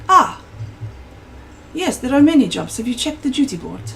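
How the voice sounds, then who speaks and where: A woman voicing a tall, tidy male tiefling barkeep with a quick, chirpy, welcoming manner in a tabletop game. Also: mid-range voice, fairly even intonation, slight background noise, natural voice. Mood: friendly.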